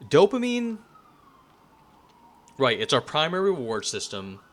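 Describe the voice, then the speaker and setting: A man's voice: medium pitch, lively intonation, moderate pace, fairly bright tone. A man giving a casual spoken lecture, talking loosely with plenty of fillers and restarts.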